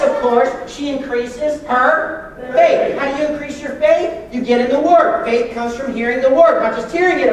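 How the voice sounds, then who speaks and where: A man preaching a sermon as pastor, joking and lively with sudden loud bursts. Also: extremely high pitch, very echoey, far from the mic, low-quality recording.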